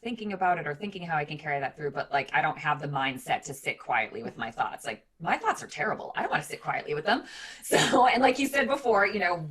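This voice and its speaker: A woman with a low voice co-hosts a relaxed podcast chat. She sounds like she's in her forties. She talks candidly and chattily, and her speech is full of fillers. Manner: animated mimicry of her kids in high voices. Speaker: podcast co-host. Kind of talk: casual chat.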